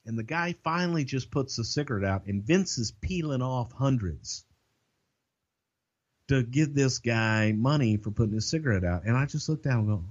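A man's voice: medium pitch, moderate pace. Older man, casual swearing storyteller, dull lo-fi audio. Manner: profane, animated anecdote telling. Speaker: podcast co-host.

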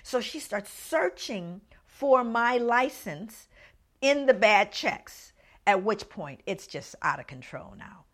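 A woman's voice: mid-range voice, slow pace. A middle-aged woman telling a personal story, acting out the voices of the people in it. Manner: animated storyteller acting out others' lines. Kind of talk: storytelling talk.

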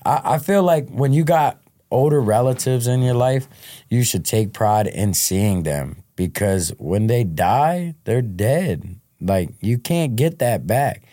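A man's voice: medium pitch, expressive, takes it slowly, warm tone, dry recording, studio quality. A man being interviewed on a podcast, telling his life story in a frank, casual way and often restarting his words. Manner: frank, repeats word starts. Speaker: podcast guest.

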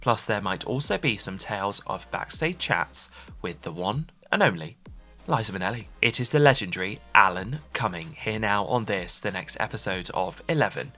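A man's voice: fairly low pitch, lively intonation, normal speed, pushed and bright, soft background music. A man hosting a theatre podcast, reading a scripted intro and then interviewing with effusive enthusiasm. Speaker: podcast host.

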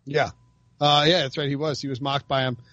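A man's voice: medium pitch, flat delivery, fairly quick, a bit bright, no room sound. A man hosting a casual sports chat, joking with co-hosts and rattling off game stats. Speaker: podcast host. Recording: dry, dull lo-fi sound.

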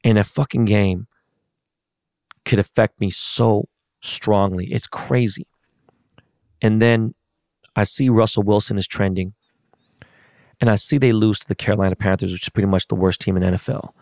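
A man's voice: lowish voice, steady tone, moderate pace, long pauses, a little mellow, dry recording, studio quality. A middle-aged man in a casual, profane rant, venting about a loss. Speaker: sports fan.

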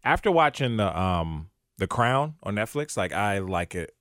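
A man's voice: fairly low pitch, big pitch swings, unhurried, a bit bright, no room sound, clean studio sound. A man from Maryland co-hosting a podcast, chatting casually and animatedly with lots of restarts. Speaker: podcast co-host. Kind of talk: casual chat.

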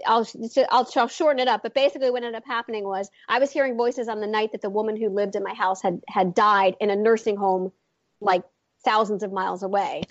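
A woman's voice: a little high, no room sound, muffled recording. A woman in her forties, an author and intuitive, chatting as an interview guest and rambling through her story with many fillers and restarts.

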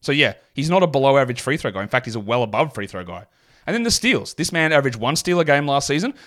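A man from Australia with a mild Australian accent, hosting a solo fantasy basketball podcast and rattling off statistics with quick asides. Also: medium pitch, sing-song, fairly bright tone. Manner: rapid stat-heavy delivery with asides.

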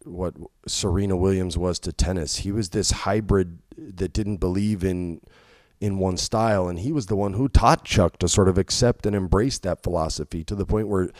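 Animated storytelling man, dry close sound. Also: moderate pace, no room sound. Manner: animated, swings loud and high when quoting people; laughs while telling, swears freely. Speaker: podcast guest. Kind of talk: casual storytelling.

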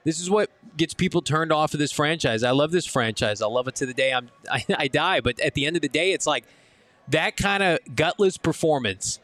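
A man's voice: a little high, animated, a little fast, fairly bright tone, dry recording. A man hosting a live postgame sports talk show, delivering an emphatic, ranting critique at a casino watch party.

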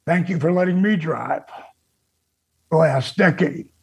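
An older man hosts a podcast and delivers a tearful, profane eulogy. His voice is deeply gravelly and raspy, and he talks slowly, choking up as he goes. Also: a little mellow. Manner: reads a tribute, breaks into tears and profanity. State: choked up, near tears. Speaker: podcast host.

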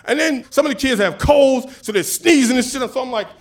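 A man telling a personal story on stage, animated and casual, acting out the dialogue. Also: very high voice, brisk. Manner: animated, acts out dialogue with voices; casual, chatty with swearing.

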